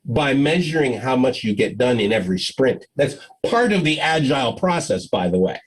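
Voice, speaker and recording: Husky guy doing a tech conference talk on a video call, lively up and down voice, acts out little dialogues. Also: mid-range voice, normal speed, rough recording. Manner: animated storyteller, acts out dialogue, laughs often. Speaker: conference speaker.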